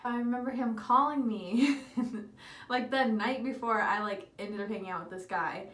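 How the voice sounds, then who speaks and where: A woman's voice: fairly high pitch, normal speed, a bit bright, reverberant. A young woman casually telling a story while doing her makeup, candid and giggly, swearing freely. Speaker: beauty vlogger.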